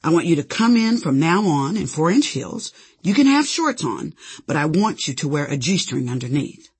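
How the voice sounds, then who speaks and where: A woman's voice: low voice, big pitch swings, normal speed, darkish tone, breathy edge, heavily acted. A woman voicing a strict, businesslike female tutor who gives commands. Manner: bossy, commanding.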